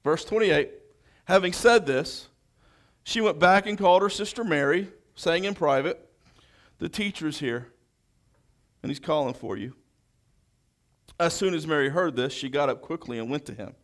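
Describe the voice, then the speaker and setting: A man preaching a sermon, reading scripture verse by verse and then expounding, moving between loud proclamation and hushed quiet. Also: fairly high pitch, normal speed, pauses often.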